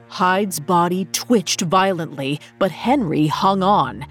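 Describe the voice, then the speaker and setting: A woman narrating a gothic story in a dramatic, expressive scripted style. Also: lowish voice, takes it slowly, hardly any pauses, husky, soft background music.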